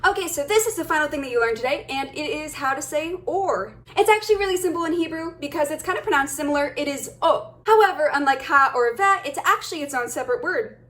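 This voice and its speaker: Upbeat high-voiced young woman teaching. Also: animated, quick pace, hardly any pauses, a bit bright. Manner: upbeat, encouraging, addresses viewers as guys. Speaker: language teacher. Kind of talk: casual video lesson.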